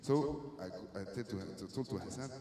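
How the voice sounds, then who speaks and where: A man whose first language is French, speaking English haltingly with many restarts as he answers interview questions about casting a film. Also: medium pitch, dark tone. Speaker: film director. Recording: echoey hall with long reverb.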